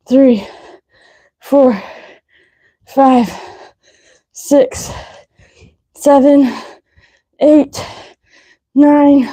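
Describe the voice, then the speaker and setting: A woman's voice: fairly high pitch, warm tone. A woman fitness instructor coaching a live leg workout, out of breath, counting reps aloud and giving short cues.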